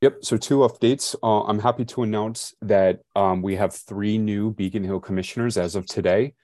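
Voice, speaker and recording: Male staffer, deep low voice, dry and close, casual and brief. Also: fairly even intonation, moderate pace, darkish tone, dry recording. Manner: casual, terse confirmations. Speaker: commission staff. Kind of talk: staff report at public hearing.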